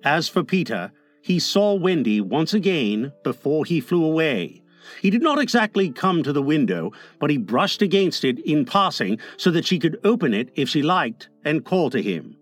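A man narrating an audiobook in an expressive, playful storytelling manner. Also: fairly high pitch, normal speed, soft background music.

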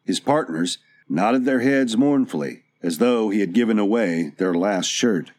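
A man narrates an audiobook in a steady, even storytelling manner, his voice on the low side and a little slow.

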